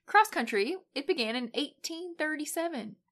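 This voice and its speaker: Lively bright-voiced woman with a lilt. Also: high voice, moderate pace. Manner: playful, laughs often. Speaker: podcast co-host. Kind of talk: casual sports chat.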